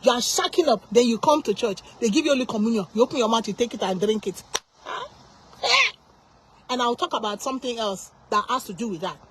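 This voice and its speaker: A woman's voice: a little high, brisk, a little hiss or hum. A woman preaching an informal sermon, impassioned and full of repeated rhetorical questions.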